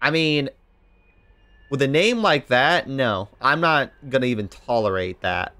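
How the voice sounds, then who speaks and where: A man's voice: medium pitch, measured pace, clean tone. Chatty male streamer, swears freely. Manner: animated, swears, talks to chat. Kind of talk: casual live-stream game commentary.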